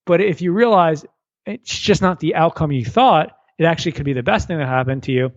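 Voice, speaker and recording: Brief: lively entrepreneur guest, higher-pitched man, quick restarts, muffled remote recording. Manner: energetic, repeats words when starting sentences. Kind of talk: conversational interview.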